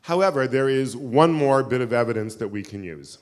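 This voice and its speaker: A man's voice: mid-range voice, expressive, brisk. Guy giving a keynote talk, rambly and joking, lots of ums, long reverb from the hall. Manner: chatty, self-deprecating storyteller with many fillers. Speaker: keynote lecturer. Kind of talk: live lecture with audience questions. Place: synagogue hall.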